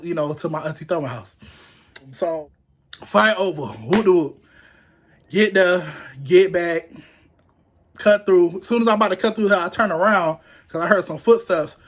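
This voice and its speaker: A young man casually telling a story to the camera, animated and acting out what people said, laughing often. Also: high-pitched. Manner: animated, acts out quotes in raised voices, laughs often.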